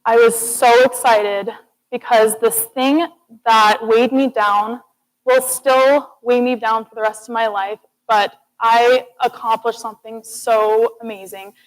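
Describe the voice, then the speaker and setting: A young woman, a student speaker, gives a TED-style presentation in a classroom or lecture hall. Her voice is on the high side, slow, and fairly even in intonation, and the audio is poor. She speaks straight to the audience in an earnest, encouraging way.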